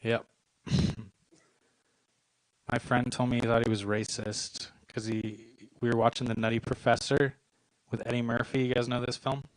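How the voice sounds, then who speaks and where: A young man in his twenties works through a stand-up set with a deadpan, self-mocking delivery, landing short punchlines. His voice sits at an ordinary middle pitch and sounds close and dry, with little room around it. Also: moderate pace, pauses often, dry recording, poor audio. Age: 20s. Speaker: stand-up comedian. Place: comedy club stage.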